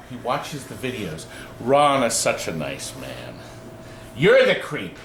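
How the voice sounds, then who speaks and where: A man's voice: mid-range voice, huge pitch swings, takes it slowly, fairly bright tone, echoey room, a little hiss or hum. A man hosting a casual, joking video from his arcade game shop, teasing his guests and staff with playful outbursts. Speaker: host of a pinball shop channel. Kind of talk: casual joking chat on camera.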